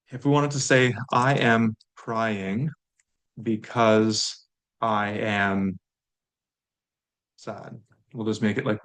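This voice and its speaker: Speaking on the low side, a man teaches grammar in a recorded lesson. His delivery is laid-back, and he repeats words at a slow pace for the benefit of learners.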